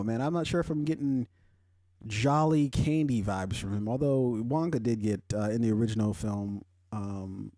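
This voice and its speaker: A young man hosting a podcast, chatting casually and rambling, swearing often and swinging into loud, animated rants. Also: on the low side, no echo, studio quality. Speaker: podcast host. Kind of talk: casual pop-culture chat.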